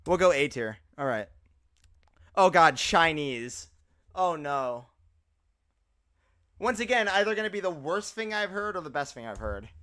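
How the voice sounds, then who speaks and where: A man streaming live, giving casual, animated reaction commentary full of loose filler words. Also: a little high, a little slow, long pauses, no echo, clean studio sound.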